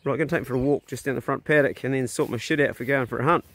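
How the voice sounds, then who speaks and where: A middle-aged hunter races through a casual vlog chat, his medium-pitched voice a bit bright, filming on his phone outdoors at a rural property. Blunt, easygoing and mildly profane, he often raises his voice to coax his dogs.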